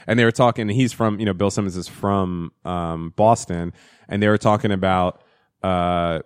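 Podcast co-host, man, lowish voice, dry close sound, animated storyteller. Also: moderate pace, clean tone, no room sound. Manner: animated storytelling, swears freely. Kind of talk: casual chat.

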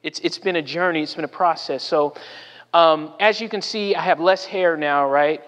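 High-voiced pastor telling stories in a reverberant hall. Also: male voice, moderate pace, fairly bright tone. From Southern California. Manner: storytelling with frequent "right?" asides and acted-out quotes. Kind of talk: sermon. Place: church sanctuary.

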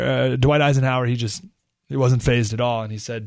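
A man hosts a talk radio show in an animated, sarcastic monologue. His pitch sits mid-range. The sound is dry and close, with no room around it. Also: a little fast, vocal fry, dry recording. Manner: animated, sarcastic, rhetorical questions.

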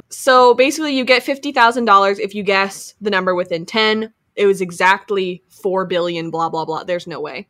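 A woman's voice: medium pitch, moderate pace, hardly any pauses, fairly bright tone. A woman hosting a casual podcast, chatty and giggly, steering the talk from one segment to the next. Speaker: podcast host.

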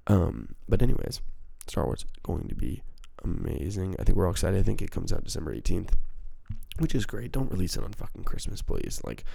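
A man's voice: low-pitched, very animated, a little fast, vocal fry, dark tone, no echo. A man hosting a casual solo podcast, rambling in a profane, self-mocking way into a handheld microphone. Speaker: podcast host.

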